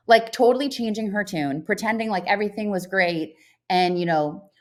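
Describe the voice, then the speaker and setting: A woman's voice: medium pitch, expressive, moderate pace. A woman co-hosting a podcast, telling a long story in casual chat and acting out the phone calls she quotes. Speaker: podcast co-host.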